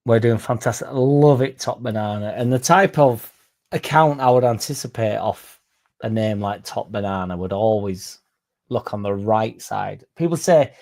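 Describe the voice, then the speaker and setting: Casting: male fan-channel host, gravelly, rambling, sweary live-chat delivery. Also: fairly low pitch, moderate pace, darkish tone. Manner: rambling, self-interrupting, sweary. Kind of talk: casual live-stream chat reading comments.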